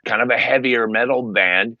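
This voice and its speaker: A man, a guest on an interview show, telling stories with lively, emphatic delivery and acted-out quotes. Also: moderate pace, no room sound, highs cut off. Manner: animated storyteller, acts out quotes with big pitch jumps. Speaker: guest, paid sports superfan. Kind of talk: casual interview talk.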